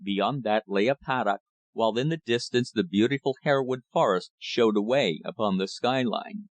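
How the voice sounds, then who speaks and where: A man reading an audiobook as narrator in a measured, steady manner. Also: on the low side, dry recording.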